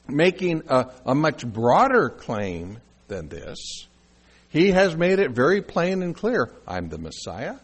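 A middle-aged man delivers a sermon, acting out the lines he quotes. His voice sits a bit high for a man and rises and falls a lot, giving the talk a lively, animated preaching feel. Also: husky. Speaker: pastor.

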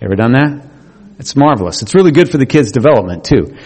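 A male pastor delivers a loose, conversational sermon at an ordinary pitch, rambling and self-correcting in a folksy way. His voice rings with a long hall reverb, as in a church sanctuary. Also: lively intonation, fast, a little mellow, husky.

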